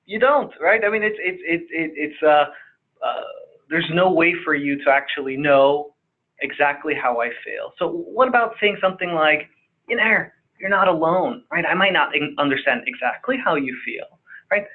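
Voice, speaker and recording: A man with a slightly high voice speaks emphatically, repeating words as he makes his points. The sound is thin and phone-like. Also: animated, normal speed. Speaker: psychiatrist guest. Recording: phone-quality audio.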